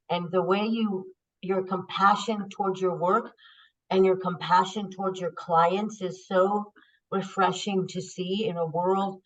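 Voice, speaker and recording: A woman hosting a podcast, chatting casually and warmly telling a story, openly emotional. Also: fairly low pitch. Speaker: podcast host. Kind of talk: casual interview chat. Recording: dull lo-fi sound.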